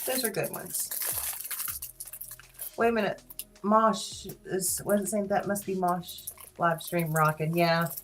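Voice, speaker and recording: A woman with a Southern US accent hosting a casual live stream, playful and teasing, quick to laugh. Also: lowish voice, steady tone, faint music behind, low-quality recording. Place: small studio.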